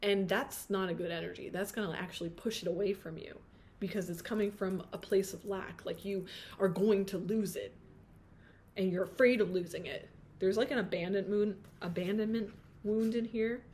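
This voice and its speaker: A woman talks through a tarot reading in a loose, chatty way, reading out card meanings and then riffing on them. She's playful and quick to laugh at herself, now and then drifting into a few sung notes. A faint hiss sits beneath her voice. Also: mid-range voice, fairly even intonation, darkish tone. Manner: chatty, self-interrupting, sings snatches of song.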